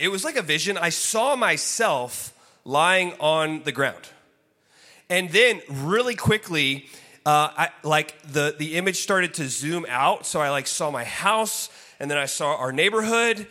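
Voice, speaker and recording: A male guest preacher with a bright voice on the high side delivers a storytelling sermon in a church sanctuary, his words ringing in the long reverb of a large hall. He acts out his own story animatedly, loudly exclaiming the quotes, and turns soft and hushed when he reflects.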